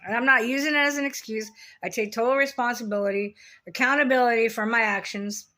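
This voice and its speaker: A woman's voice: a little high, fairly even intonation, quick pace, bright, forceful tone. A middle-aged woman talking to camera in a casual confessional monologue, blunt and rambling, swearing heavily as she restarts her sentences. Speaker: vlogger.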